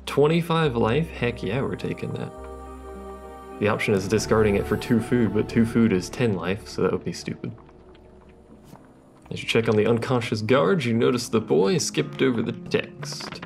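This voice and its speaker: A man's voice: lowish voice, normal speed, creaky, a little mellow, soft background music. A man giving casual, wry commentary on his gameplay and reading the game's text aloud. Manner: wry, reads game text aloud between remarks. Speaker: let's play host.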